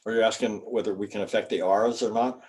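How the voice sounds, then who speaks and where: A man's voice: on the low side, steady tone, fast, darkish tone. An older man, a chiropractor, giving an informal lecture to students in a folksy, rambling way and spelling out terms. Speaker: guest speaker, chiropractor.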